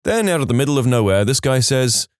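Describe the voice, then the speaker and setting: A man's voice: mid-range voice, very animated, quick pace, dry recording. A man reading funny reader-submitted stories aloud in a scripted narration with a dry comic delivery.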